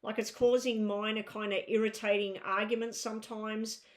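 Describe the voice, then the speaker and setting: A woman's voice: medium pitch, level tone, normal speed. A woman giving a live tarot reading, chatty and reassuring, thinking aloud as she turns the cards. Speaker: tarot reader.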